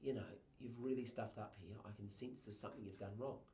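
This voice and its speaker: A man putting on the voice of a shy, quiet young man in his twenties while retelling a story, dropping to a breathy hush. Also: lowish voice, fairly even intonation, a little fast, lightly acted. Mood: timid, hushed.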